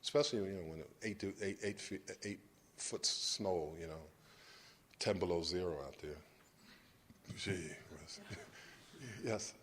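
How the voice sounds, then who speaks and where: A man's voice: deep voice, unhurried, pauses often. Middle-aged guy giving a talk, loose and chatty, keeps restarting and asking if it makes sense. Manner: conversational, repeats and restarts, asks "does that make sense". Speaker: guest lecturer. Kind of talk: informal lecture to an audience. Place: university lecture hall.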